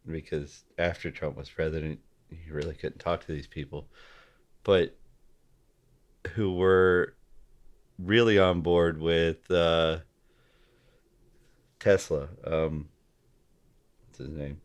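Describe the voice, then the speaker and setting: A man as a podcast guest in casual political chat, halting and often restarting his sentences. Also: a bass voice, fairly even intonation. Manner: halting, repeats and restarts, gropes for names.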